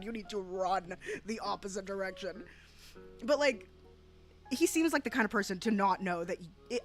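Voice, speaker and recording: A woman streamer ranting in casual reaction commentary, swearing freely and often breaking into laughter. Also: a little high. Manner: profane, animated ranting with frequent laughter. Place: home, rural area.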